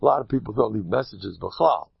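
A man telling a folksy parable with a moral, animated and sprinkled with Hebrew and Yiddish terms. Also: lowish voice, fairly quick, vocal fry, breathy edge, dry recording, highs cut off. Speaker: storyteller giving moral advice.

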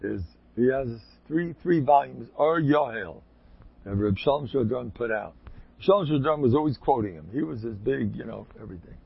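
A man with a rough, gravelly, husky voice tells long rambling anecdotes and breaks into emphatic bursts. The sound is dry and close. It is a dull, lo-fi recording. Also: mid-range voice, expressive, moderate pace. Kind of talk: casual spoken anecdotes.

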